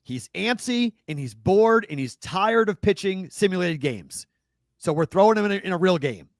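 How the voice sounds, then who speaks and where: Boston guy co-hosting a betting show; loose, animated, self-correcting, dry mic. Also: high voice, moderate pace, no echo. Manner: animated, thinks aloud and corrects himself. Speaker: sports betting show co-host. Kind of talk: casual sports talk.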